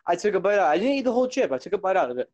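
A young man telling a story in a casual group chat with friends, animated and theatrical, swearing as he goes. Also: high voice, racing, muffled recording.

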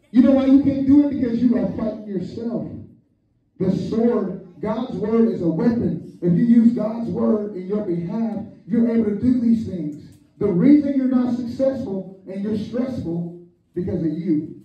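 A male pastor preaching a lively storytelling sermon, calling on the congregation and acting out quotes. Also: sits high, moderate pace. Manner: animated, calls on the congregation, acts out quotes. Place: church hall, echoey. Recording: echoey church hall from far off, muffled.

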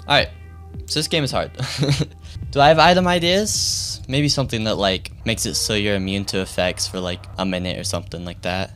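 A young man streaming a horror game, reacting with laughs, yelps and quick commentary. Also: fairly low pitch, faint music behind. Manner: excitable, laughing, yelping reactions. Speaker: gaming streamer.

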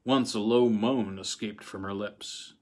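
A man reading a story aloud in a measured, dramatic narration. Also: fairly low pitch, steady tone. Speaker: audiobook reader.

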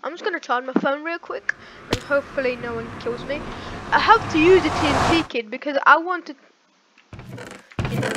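A woman giving casual gameplay commentary as a gaming YouTuber on a headset mic, talking in excitable bursts with sudden outbursts and restarts. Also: high-pitched, normal speed, pauses often. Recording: noisy headset mic with clicks and typing.

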